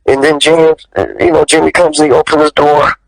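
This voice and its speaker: A male actor telling stories as an interview guest, lively and profane, jumping up in pitch when he quotes people. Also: fairly quick, creaky, dry recording, low-quality recording. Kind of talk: animated storytelling in an interview.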